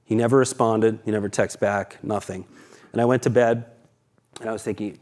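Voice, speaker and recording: Candid, swearing founder from on stage. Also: male voice, fairly low pitch, fairly even intonation, fairly quick, darkish tone. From Boston, USA. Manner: candid, profane, dramatic storytelling with acted quotes. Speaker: keynote speaker, company founder. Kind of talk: conference keynote storytelling. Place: conference stage.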